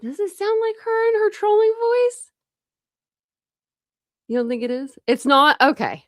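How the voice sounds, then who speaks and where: A woman's voice: extremely high pitch, very animated, measured pace, no room sound, studio quality. A woman hosting a true crime livestream, chatting casually with viewers and thinking aloud with many restarts. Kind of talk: casual chat with live viewers.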